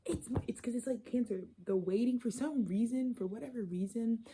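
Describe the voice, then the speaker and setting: A woman giving a casual, channeled tarot reading to her viewers. She talks in a loose, profane, animated way. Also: fairly high pitch, fairly quick, background noise. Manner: loose, profane, animated, slipping into quoted voices. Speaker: tarot reader.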